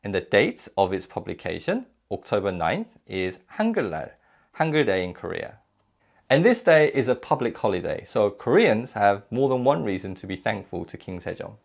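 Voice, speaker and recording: Guy teaching a lecture, low gravelly voice, really lively pitch, walks thru examples clearly. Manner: clear, measured explanation with spoken examples. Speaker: language teacher. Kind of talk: recorded lecture.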